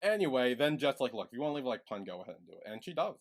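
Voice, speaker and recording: A man co-hosting a podcast, recapping the plot in a relaxed way with many "like"s and quoted lines. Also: mid-range voice, very fast. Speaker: podcast co-host. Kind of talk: casual recap chat.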